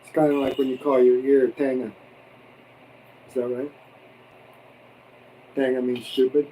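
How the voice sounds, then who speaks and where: A man's voice: medium pitch, little pitch movement, measured pace, dark tone, recorded from a distance, a little hiss or hum, poor audio. A man hosting a casual mukbang livestream, chatting and joking while he eats. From abroad, expat. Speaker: livestream host. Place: home in the Philippines.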